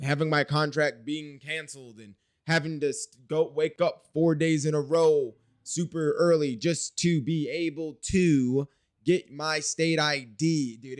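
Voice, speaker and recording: A man's voice: mid-range voice, smooth, dry recording, studio quality. A man from Wisconsin talking through a casual spoken video diary, rambling and candid with some swearing. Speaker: video diarist.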